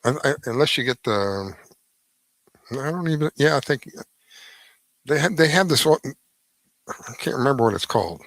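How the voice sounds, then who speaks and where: A man's voice: medium pitch, lively intonation, normal speed, vocal fry, pauses often, a bit bright, no echo, rough recording. A middle-aged man hosting a radio show, giving a rambling opinion monologue with restarts and heavy emphasis.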